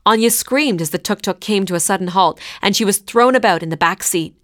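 A woman narrating a scripted story in a clear, measured way. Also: mid-range voice.

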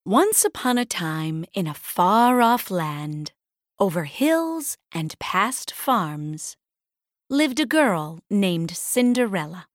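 A woman reading a children's fairy tale aloud, clearly and deliberately. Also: medium pitch, very animated, no room sound, studio quality. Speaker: storybook reader. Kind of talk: slow read-aloud storybook narration.

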